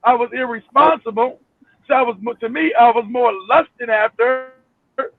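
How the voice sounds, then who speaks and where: A man telling his story in a heated talk-show discussion, animated, emphatic and swearing freely. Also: very high-pitched, normal speed, faint music behind. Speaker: panel guest. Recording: tinny phone line.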